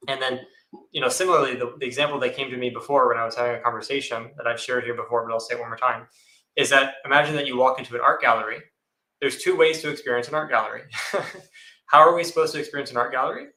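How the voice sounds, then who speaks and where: A man's voice: medium pitch, steady tone, fast talker, pushed and bright, roomy sound, poor audio. A male monastic on a panel, answering a question thoughtfully and acting out little inner voices as examples. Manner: thoughtful, repeats phrases, acts out inner voices. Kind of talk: dharma talk answering a question.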